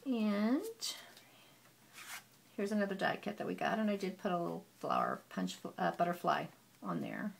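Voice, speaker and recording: A woman casually walking through a handmade scrapbook album, chatty and gushing, with frequent "um" pauses. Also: fairly low pitch, sing-song, gravelly, slight background noise. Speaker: papercraft hobbyist.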